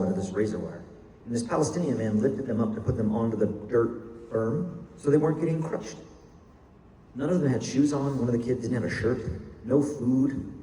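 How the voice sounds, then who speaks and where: A man's voice: mid-range voice, warm tone. Emphatic older man in an echoey hall. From United States. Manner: measured, emphatic storytelling with pauses. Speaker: speaker. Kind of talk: public talk. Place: university lecture hall. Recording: echoey hall, mic far off.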